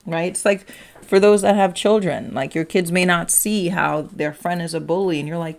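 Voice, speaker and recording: Low-voiced chatty woman tarot reader. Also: fairly even intonation. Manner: chatty, fills speech with "like" and "right?"; drops into quick acted-out quotes. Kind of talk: casual tarot reading to camera.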